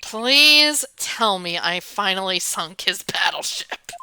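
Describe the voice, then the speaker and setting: A woman streaming a game, chatting casually and thinking out loud, animated and swearing often. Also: medium pitch, slow, a little hiss or hum.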